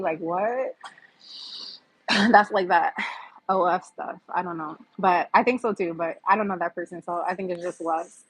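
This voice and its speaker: A woman's voice: on the low side, unhurried, pauses often, husky, poor audio. A woman in her fifties from the US East Coast, chatting candidly with viewers on a livestream and reading their comments aloud. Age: 50s. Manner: chatty, candid, laughs often. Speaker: livestream host. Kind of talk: casual live chat reading comments.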